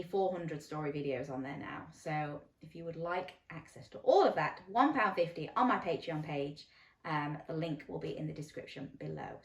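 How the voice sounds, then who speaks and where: A woman reading a bedtime story to children, animated and coaxing, asking them questions. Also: sits low, vocal fry. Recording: roomy echo, mic at a distance.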